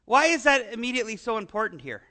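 High, bright-voiced man preaching a sermon. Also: quick pace. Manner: animated, conversational preaching with rhetorical questions. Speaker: pastor.

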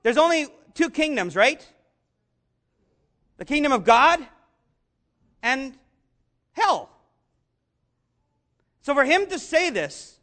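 A man preaching a sermon, earnest and conversational, rising to shouts on key lines. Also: very high-pitched, very animated, slow, pauses often. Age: adult, father of young children. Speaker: pastor.

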